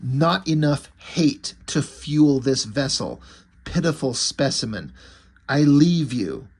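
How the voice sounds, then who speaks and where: A man reading the lines of a gloating male demon who possesses bodies, in a sneering, unhurried way. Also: mid-range voice, sing-song, darkish tone, breathy edge, exaggerated voice. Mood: contemptuous.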